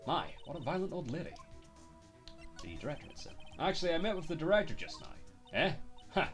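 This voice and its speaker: Lively man reading game dialogue. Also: a little high, quick pace, faint music behind. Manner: animated, switching voices between characters. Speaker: streamer.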